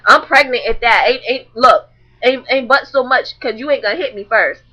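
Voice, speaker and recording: A young woman tells a story to her webcam, blunt and profane, with a bright, somewhat high voice. The sound is dull and lo-fi, like a cheap built-in mic. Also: normal speed. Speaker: vlogger. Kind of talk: casual storytelling to camera.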